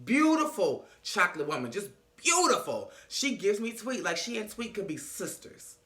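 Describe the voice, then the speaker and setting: A man giving a sassy, animated recap of a reality show, acting out the quotes. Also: high-pitched, moderate pace. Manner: animated, sassy, acts out quotes with big swings. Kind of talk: casual recap commentary. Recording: echoey room.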